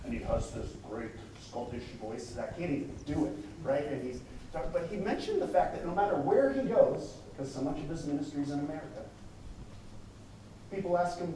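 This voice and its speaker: A man's voice: fairly high pitch, expressive, moderate pace, warm tone, slight background noise. A man preaching a sermon in a conversational way, with casual asides to the congregation. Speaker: pastor. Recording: echoey hall, mic at a distance.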